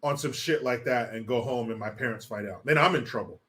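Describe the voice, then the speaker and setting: A man's voice: mid-range voice, fairly quick, a bit bright. A man hosting a casual livestream, reading chat and ranting with lots of profanity and laughter. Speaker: live stream host.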